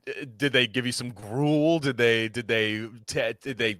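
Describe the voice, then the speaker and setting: A man's voice: mid-range voice, unhurried, a bit bright. A man hosting a casual podcast interview, joking, swearing and asking long rambling questions. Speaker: podcast host.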